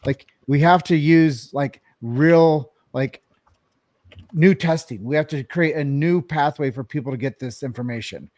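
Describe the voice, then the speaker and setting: A man's voice: a little high, unhurried, darkish tone, dry recording. A man co-hosting a podcast, talking earnestly in a casual, rambling way and asking a guest a question. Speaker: podcast co-host.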